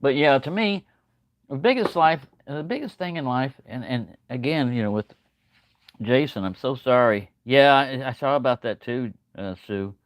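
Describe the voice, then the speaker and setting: A man's voice: mid-range voice, moderate pace, no room sound. An older man rambling casually on a livestream, folksy and chatty, greeting viewers by name. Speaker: livestream host. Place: home, early morning.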